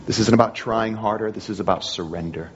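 A man's voice: lowish voice, brisk, dull audio, a little hiss or hum. A man preaching a sermon in an earnest manner, repeating phrases and restarting often. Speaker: pastor.

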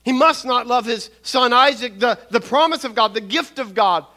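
An older man preaching a sermon on scripture, measured and earnest, often restarting his words and adding soft asides. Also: very high-pitched.

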